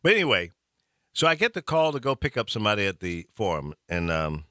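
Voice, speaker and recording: A male talk-show host with a bright, forceful voice, telling a long story in loose, chatty fashion. His pitch swings freely while he chuckles at his own jokes. The sound is close and dry. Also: big pitch swings, a little fast, no room sound. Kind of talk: casual storytelling chat.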